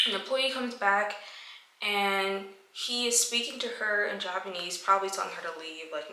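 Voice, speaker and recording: A woman's voice: mid-range voice, moderate pace, pushed and bright. A woman vlogger casually answering viewer questions, telling stories and acting out her own reactions in quotes. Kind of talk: casual Q&A storytelling. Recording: echoey room.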